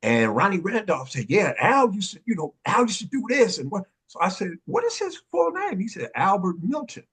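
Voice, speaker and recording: A man, excitedly telling stories on a panel and acting out the voices of the people in them. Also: high voice, normal speed, few pauses, slightly rough. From Oakland, California. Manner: excitable, acts out quoted voices, street slang. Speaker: panel guest, dance pioneer. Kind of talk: animated storytelling in a panel conversation.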